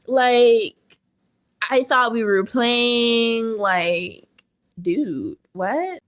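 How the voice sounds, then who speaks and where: A young woman telling a casual storytime as a vlogger, chatty and animated, laughing often as she talks. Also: fairly high pitch, very slow.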